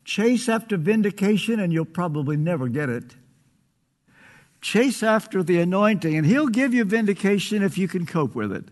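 A man's voice: high voice, lively intonation, normal speed. An older man preaching a sermon, earnest and pleading, stretching out phrases for emphasis.

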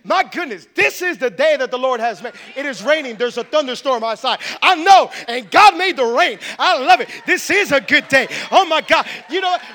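A man's voice: very high-pitched, expressive, moderate pace, hardly any pauses, pushed and bright, heavily acted. A man preaching acts out a grateful churchgoer who gushes about how good the day is. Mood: gushing. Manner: gushing, enthusiastic.

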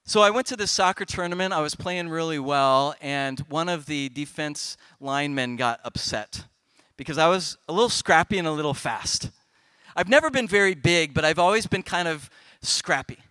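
A middle-aged man speaking on stage at a youth festival, telling a comic personal story to kids with big swings in loudness. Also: fairly high pitch, expressive, normal speed, smooth, no echo.

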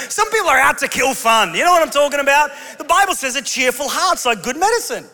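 A man's voice: very high-pitched, animated, fast talker, few pauses, pushed and bright. A male pastor preaching a sermon to his congregation with humorous storytelling. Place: large church auditorium. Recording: long hall reverb.

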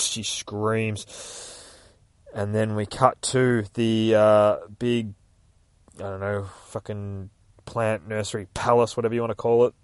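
A man recaps a comic for his show in a casual, swearing style. His voice sits low and is recorded close and dry, with no room sound. Now and then he bursts into loud, rough character voices. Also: no echo. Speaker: comic book podcast host. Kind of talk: reading and recapping a comic aloud.

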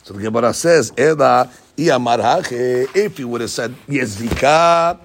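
A man's voice: medium pitch, normal speed, gravelly, slight background noise. A man teaching a Talmud study class, explaining step by step, repeating key phrases and answering students' questions.

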